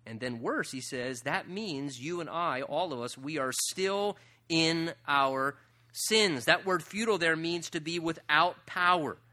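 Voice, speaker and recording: A male pastor preaching a sermon, emphatic and full of rhetorical questions, swinging between loud and soft passages. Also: on the high side, unhurried.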